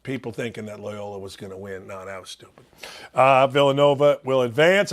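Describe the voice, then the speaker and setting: A man's voice: fairly high pitch, fairly bright tone. A sports radio host from Northwest Indiana with a Chicago accent, talking bluntly and self-mockingly as he rambles through his bracket picks. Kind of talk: solo sports talk monologue.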